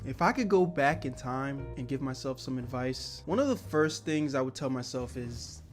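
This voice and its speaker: A man's voice: medium pitch, lively intonation, normal speed, soft background music. A young man narrating a personal story in a candid, slangy, reflective way. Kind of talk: casual storytelling.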